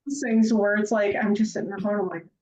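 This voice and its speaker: A woman's voice: medium pitch, steady tone, fast talker, a little mellow. A woman guest on a podcast telling stories casually, chatty with lots of filler phrases. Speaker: podcast guest, hockey fan. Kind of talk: casual storytelling. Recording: distant, echoey, dull remote audio.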